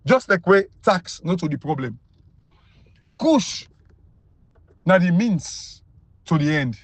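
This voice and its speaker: A man's voice: lively intonation, moderate pace, no echo. Emphatic Sierra Leonean Krio man ranting. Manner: mocking, repetitive, emphatic, pitch leaps high when incredulous. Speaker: political commentator. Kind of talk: animated political rant.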